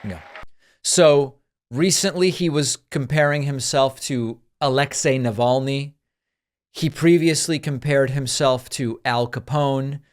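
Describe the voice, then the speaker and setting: A man's voice: medium pitch, slow, smooth. A man hosting a political commentary show, reacting to clips in a dry, sarcastic way on a studio microphone.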